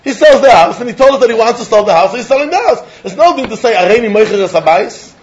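High-voiced man giving a Talmud lecture. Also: fast, lo-fi sound, slight background noise. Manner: lively, questioning, mixes English with Yiddish and Hebrew terms. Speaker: Talmud teacher.

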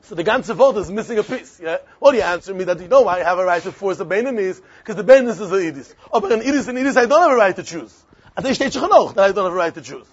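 A man's voice: high-pitched, animated, racing, breathy edge. A man teaching a Talmud lesson, repeating phrases and posing and answering his own questions. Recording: dull lo-fi recording with faint crowd.

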